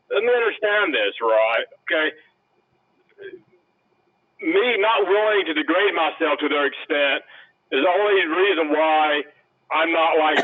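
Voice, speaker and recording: A man calling in to a talk show, speaking sarcastically in a rambling way with swearing, over a phone line. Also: fairly high pitch. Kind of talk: heated casual talk show chat.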